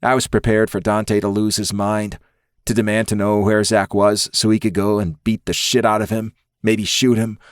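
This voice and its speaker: Guy reading a romance audiobook in first person, lowish voice, dry close sound. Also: level tone, normal speed, clean tone, no echo. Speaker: audiobook narrator.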